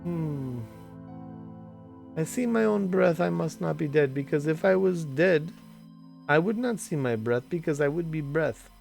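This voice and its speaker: A man plays a worn-out burgomaster, groggy and bewildered, murmuring his thoughts slowly. His voice rises and falls widely, with faint music behind. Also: fairly high pitch, lively intonation, vocal fry, darkish tone. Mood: dazed. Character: weary grieving male burgomaster, dazed and rambling.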